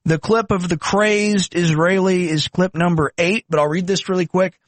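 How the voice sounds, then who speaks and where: A man hosting a reaction commentary, heated and scornful, with sudden jumps in pitch. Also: steady tone, normal speed, hardly any pauses, no room sound. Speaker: political commentator. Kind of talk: reaction commentary on a video clip.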